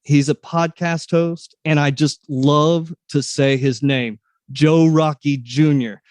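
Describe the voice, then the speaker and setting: A man's voice: a little high, steady tone, takes it slowly, clear, resonant tone, dry recording. Chatty male podcast host, dry sound. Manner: friendly, rambling, restarts sentences. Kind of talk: casual interview with scripted intro.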